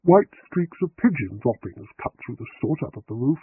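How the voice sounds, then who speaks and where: A man reading an audiobook in measured scripted narration, on a tinny, dry recording. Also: medium pitch, sing-song, breathy edge.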